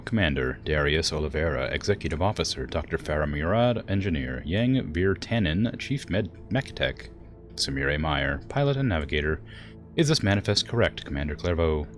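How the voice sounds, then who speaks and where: A man doing Mother Bear, smooth English-accented AI. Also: low voice. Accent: put-on generic English accent. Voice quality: smooth, precise, formal. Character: ancient male AI weapons platform, calm and formal. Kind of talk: reading game dialogue aloud.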